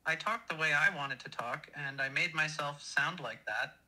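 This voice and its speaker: A man's voice: a little high, normal speed, sharp tone, low-quality recording. A text-to-speech male voice playing a rude, insulting AI chatbot clone that mocks the person it talks to. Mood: taunting. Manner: mocking, taunting insults.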